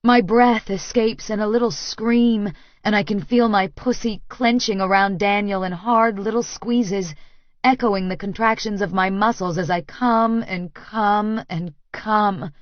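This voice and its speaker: A woman narrating a first-person romance audiobook in a breathy, intimate, unhurried way. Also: mid-range voice, fairly even intonation, no room sound, muffled recording.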